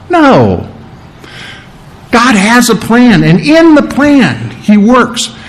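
A male pastor delivering a sermon with a somewhat high-pitched voice. He talks to his congregation in a plain, conversational way, circling back on his phrases and asking them questions as he goes. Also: sing-song, slow pace, poor audio.

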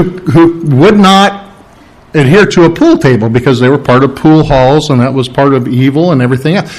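A man's voice: fairly high pitch, low-quality recording. A middle-aged man preaching a sermon in a conversational way, stopping to ask his congregation questions. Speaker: pastor.

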